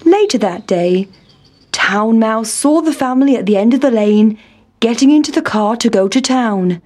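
A woman reading a children's story aloud in a gentle, clear storybook manner. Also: fairly high pitch, moderate pace, a little hiss or hum.

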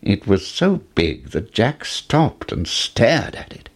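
A male storyteller reads a fairy tale aloud at an unhurried pace. His voice is low and husky, and it swings widely in pitch to bring the story to life. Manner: expressive, with wide swings in pitch.

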